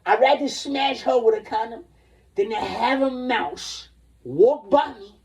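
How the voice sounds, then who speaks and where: Man, forties, livestream ranter: rambling and profane, fairly high voice, recorded off-mic. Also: animated, measured pace, a little mellow, distant mic. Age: 40s. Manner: rambling, profane, jumps between topics.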